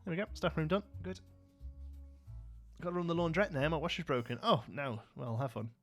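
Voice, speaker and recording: A man's voice: a little high, lively intonation, a little fast, a bit bright, soft background music. A man giving live, rambling gameplay commentary as a streamer, chatting with his viewers as he plays.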